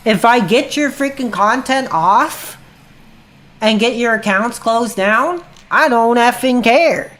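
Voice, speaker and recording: A woman streamer rants at her chat, heated and profane, her agitation boiling over. Her voice sits a bit on the high side. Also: lively intonation, slow, fairly bright tone. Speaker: livestreamer. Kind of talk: angry livestream rant.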